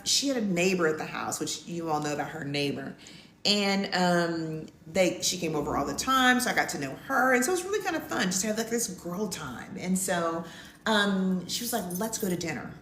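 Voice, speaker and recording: Woman, middle-aged, podcast co-host, chatty storytelling, lively pitch, roomy echo. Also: slight background noise. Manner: animated, acts out quotes in a high voice. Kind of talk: casual storytelling. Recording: echoey room with faint ambience.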